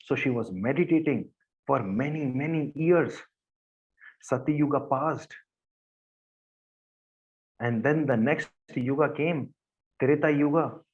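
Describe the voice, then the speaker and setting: A man of middle pitch narrates a devotional story in plain, repetitive sentences and often restarts them. The lo-fi recording sounds dull and muffled. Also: takes it slowly, long pauses. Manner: simple, repetitive phrasing with restarts.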